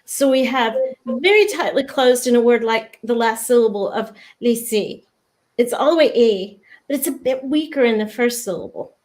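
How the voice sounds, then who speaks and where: A woman with a fairly high voice talks through diction in an interview. She is patient and instructive, slowing down to sound out sample words. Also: lively intonation, a little mellow. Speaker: lyric diction expert, guest. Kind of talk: explanatory interview talk.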